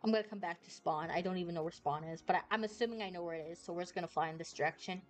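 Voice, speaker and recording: A woman's voice: on the low side, racing. Bubbly woman streamer rambling over a game. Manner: bubbly and rambling, squeals when startled. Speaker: VTuber streamer. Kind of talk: casual gameplay commentary.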